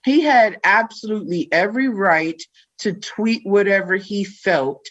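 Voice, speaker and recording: A woman's voice: medium pitch, a little slow. A woman hosting a podcast, ranting in casual chat with lots of swearing and frequent laughs. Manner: profane ranting, laughs often. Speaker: podcast host. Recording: dull lo-fi sound.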